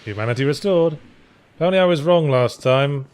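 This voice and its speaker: A man's voice: a little high, animated, fairly quick, darkish tone. A man co-hosting a let's play with casual gameplay commentary, dry and teasing as he guides the other player.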